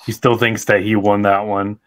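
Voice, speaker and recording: A man co-hosting a casual podcast chat, easygoing and quick to laugh. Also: lowish voice, little pitch movement, a bit bright. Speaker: podcast co-host.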